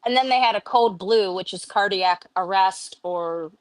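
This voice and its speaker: A woman tells a story on a casual live stream. She is animated and acts out the other people's lines with a lifted voice. The recording is close and dry, with no room sound. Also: medium pitch, a little slow, dry recording. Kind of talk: casual chat.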